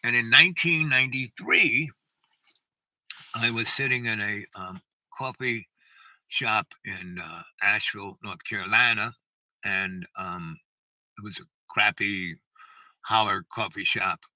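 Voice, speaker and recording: Older male streamer, rambling storyteller, very bright tone, dry close sound. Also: lowish voice, a little slow, long pauses, no room sound, poor audio. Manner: rambling, keeps asking "right?". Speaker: livestream host. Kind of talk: rambling storytelling to a live chat.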